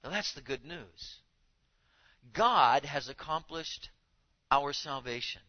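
A man preaching in earnest, his voice swelling on key phrases and often repeating words. He speaks a little higher than most men. The recording sounds muffled and lo-fi. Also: lively intonation, takes it slowly. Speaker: pastor. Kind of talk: sermon.

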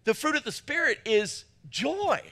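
Animated joking preacher man. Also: very high-pitched, measured pace. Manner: animated, jokey, acts out voices. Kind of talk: humorous sermon to a men's gathering.

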